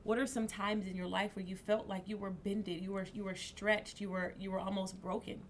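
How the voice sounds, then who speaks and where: A woman's voice: medium pitch, level tone, normal speed, a little hiss or hum. A woman hosting a casual interview, encouraging her guest with short affirmations. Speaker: interview host.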